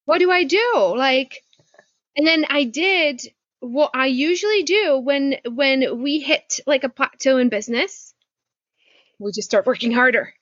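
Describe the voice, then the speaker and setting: A woman coach talks through a video call, her voice sitting a little high. She tells her story animatedly and keeps asking rhetorical questions. The sound is dry and dull, like a muffled video-call line. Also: a little slow, a bit bright, no echo. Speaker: business coach. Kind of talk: casual talk on a video call. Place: home porch.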